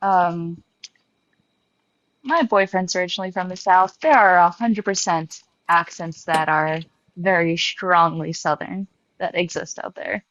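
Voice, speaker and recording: A woman's voice: lowish voice, measured pace, fairly bright tone, dry recording. Young woman on a dull, lo-fi line. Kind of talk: casual live-stream chat.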